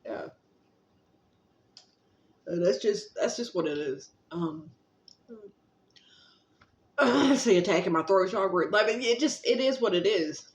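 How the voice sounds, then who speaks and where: A woman vlogger giving a casual, rambling spiritual pep talk, gently encouraging and affectionate, with plenty of fillers and a little casual swearing. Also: medium pitch, lively intonation, slow pace, pauses often. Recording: roomy, slightly dull recording.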